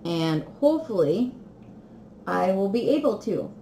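A woman chatting casually to viewers while unboxing, excitable and giggly. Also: medium pitch, a little slow. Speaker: crafting vlogger. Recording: echoey room with faint noise.

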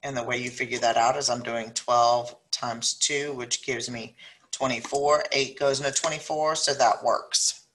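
A middle-aged woman with a South Louisiana accent, teaching a math lesson and thinking out loud as she works each problem. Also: extremely low pitch, steady tone. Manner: thinks aloud, slows down when dictating numbers. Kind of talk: recorded math lesson, working problems aloud.

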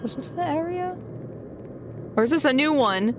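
A young woman streaming a game live, excitable and chatty with her viewers, often gasping and giggling. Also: sits high, moderate pace, music in the background. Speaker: gaming streamer. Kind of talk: live gameplay commentary.

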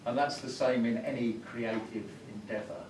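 A man's voice: medium pitch, fairly even intonation, moderate pace, a little mellow. A man leading a university music workshop as visiting professor, explaining ideas and telling a story in a thoughtful, instructive way. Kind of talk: workshop lecture. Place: university classroom. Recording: roomy classroom from far off, noisy.

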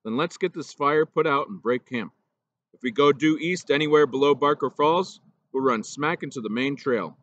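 A man voicing a gruff, remorseful older male teacher in a storybook reading, talking plainly and low. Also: moderate pace, fairly bright tone, lo-fi sound, close to an everyday voice.

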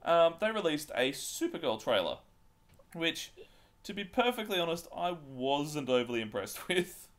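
A man's voice: fairly high pitch, very animated, normal speed, a bit bright. A man hosting a casual podcast chat, joking and steering the topics. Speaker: podcast host.

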